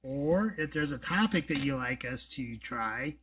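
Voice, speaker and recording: A man's voice: mid-range voice, expressive, measured pace, breathy edge, distant mic, highs cut off. Rambling man co-hosting, a bit off-mic. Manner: rambling, filler-heavy, joking and blunt. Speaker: podcast co-host. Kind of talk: casual chat.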